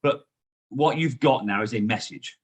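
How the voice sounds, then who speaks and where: A man, a sales trainer and guest, coaching in a lively, emphatic way. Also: mid-range voice, normal speed, breathy edge. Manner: lively, emphatic coaching with frequent "you know". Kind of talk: coaching conversation.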